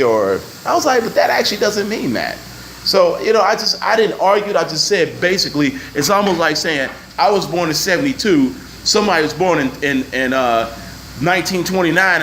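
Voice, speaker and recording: A man in his forties rants to camera, swearing freely and mocking the people he quotes. His voice sits high and sounds bright and forceful, and it swings widely in pitch. Faint noise hums beneath the recording. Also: expressive, a little fast, poor audio. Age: 40s. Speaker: vlogger. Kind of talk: profane opinion rant.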